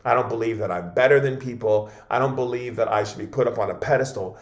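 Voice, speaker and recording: A man's voice: medium pitch, fast, roomy sound. A man speaking as a shaman guest in an interview, telling stories casually and often repeating or restarting his words.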